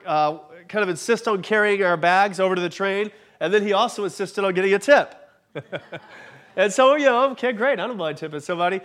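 A man in his forties preaches in a high, light voice. He tells a personal story in a chatty, self-deprecating way and laughs as he goes. He sounds a bit congested from allergies. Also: fairly bright tone. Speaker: pastor.

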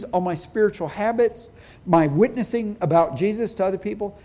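Pastor guy giving a sermon, fairly high pitched, soft warm tone, earnest with pauses. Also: expressive, vocal fry. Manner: earnest, emphatic preaching with pauses.

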